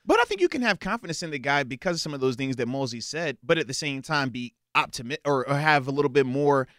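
A man co-hosting a casual sports talk show, reasoning through his points in a measured way. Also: medium pitch, big pitch swings, fairly bright tone, no room sound, clean studio sound. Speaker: sports podcast co-host.

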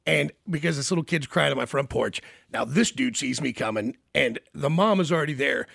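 A man hosting a radio show, telling a story in a blunt, animated, casual way. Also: fairly high pitch, a little fast, gravelly, no echo, studio quality. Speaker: radio host.

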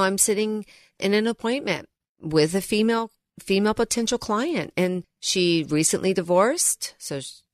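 A woman financial advisor co-hosts a radio show, talking earnestly and telling stories about her clients. Her voice sits at a middle pitch. The studio sound is dry and close. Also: no room sound. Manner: earnest, storytelling, addresses co-host by name.

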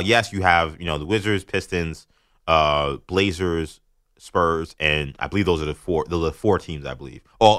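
A man filling in as a sports talk radio host, breaking down the league in a lively, joking way. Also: deep voice, no room sound, clean studio sound. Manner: animated, mocking, laughs often.

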